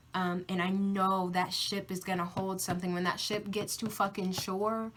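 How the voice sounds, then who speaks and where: A woman's voice: medium pitch, fairly bright tone. A woman doing a pick-a-card tarot reading, with emphatic, repeated affirmations and casual swearing. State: tearful, emotional. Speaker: tarot reader.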